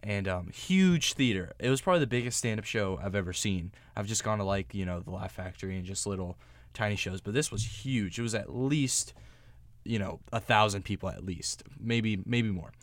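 A radio host with a fairly low voice asks his questions in relaxed, chatty talk. He hesitates with small fillers as he goes. The studio sound is dry and close. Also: moderate pace, dry recording. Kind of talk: casual interview chat.

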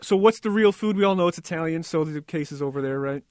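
A man's voice: a little high, fast, a little mellow, no room sound. A young man co-hosting casual talk radio in a studio booth, sarcastic and mocking. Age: young adult. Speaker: co-host.

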